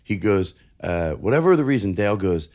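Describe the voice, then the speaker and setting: A man's voice: sits low, big pitch swings, brisk, darkish tone. A man co-hosting a podcast, telling rambling anecdotes in casual chat and often breaking off mid-sentence. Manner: rambling, self-interrupting. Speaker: podcast co-host.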